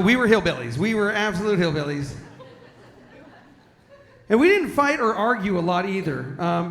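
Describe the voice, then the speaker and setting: A man from San Diego doing a stand-up comedy set, telling self-deprecating stories about his family and slipping into character voices. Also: high voice. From San Diego, California. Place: large hall with audience. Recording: echoey live hall.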